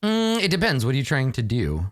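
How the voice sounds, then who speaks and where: A man's voice: medium pitch, wildly swooping pitch, brisk, no echo, clean studio sound. A man narrating as game master, chatty and rambling with frequent laughter.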